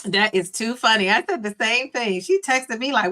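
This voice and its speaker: A woman's voice: fairly high pitch, moderate pace, pushed and bright. A middle-aged woman hosting a casual livestream, chatting, laughing often and reading viewer comments aloud. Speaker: livestream host reading chat. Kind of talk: casual live chat.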